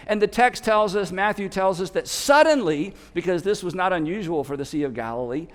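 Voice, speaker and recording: A man preaching a sermon as a pastor, telling a story in an animated way and shouting out the lines of the people in it. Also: high-pitched, a little fast, long reverb tail. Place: church auditorium.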